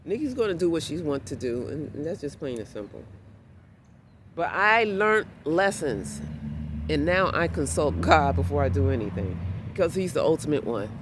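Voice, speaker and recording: A woman's voice: low voice, very animated, moderate pace, noisy background. A woman vlogging in a casual, emphatic, heartfelt monologue outdoors in a city, repeating herself for emphasis.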